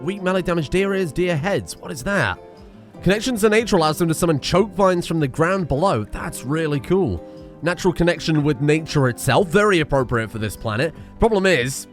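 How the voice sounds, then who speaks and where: A man giving chatty, excitable commentary while playing a game, swearing often. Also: fairly high pitch. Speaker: gaming streamer. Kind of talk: casual gameplay commentary.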